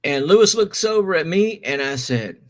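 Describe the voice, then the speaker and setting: A man's voice: fairly high pitch, animated, moderate pace. A man hosting a stream, telling a long story casually, rambling with many restarts and self-corrections.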